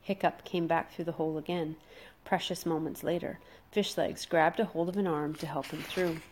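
A woman reading a children's adventure story aloud, dramatic and slowing down for suspense. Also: low voice, steady tone. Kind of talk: expressive storybook read-aloud.

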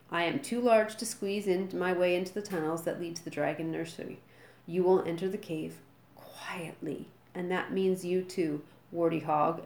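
Giant viking drill teacher yelling everything, a lady reading it out, storybook, echoey room. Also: fairly low pitch, close to an everyday voice. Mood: commanding. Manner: screaming orders. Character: giant bellowing one-eyed Viking man, drill instructor.

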